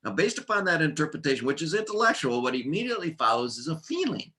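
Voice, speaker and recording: Bright-voiced man giving a workplace training talk. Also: mid-range voice, fast, few pauses. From United States. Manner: lively, joking presenter with punchy lists. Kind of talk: training seminar lecture.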